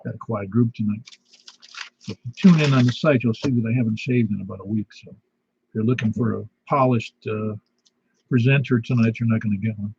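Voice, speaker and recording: A man's voice: fairly low pitch, fairly quick, gravelly, background noise. A man with a slight lisp, hosting a casual amateur radio net with rambling announcements. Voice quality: slight lisp from a missing tooth. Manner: folksy, rambling announcements with fillers. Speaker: net control host. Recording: dull lo-fi radio audio.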